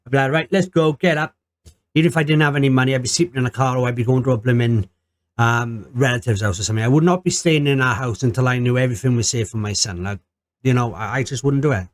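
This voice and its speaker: A man's voice: medium pitch, quick pace. A man casually reacting to a scary story, rambling and hesitant. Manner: rambling, hesitant, repeats "I suppose". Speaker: reaction channel host.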